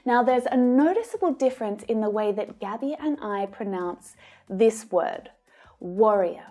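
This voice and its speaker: A woman with an Australian accent teaching English pronunciation, modelling each sound slowly and carefully. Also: on the high side, animated, mellow, soft background music. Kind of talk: pronunciation lesson.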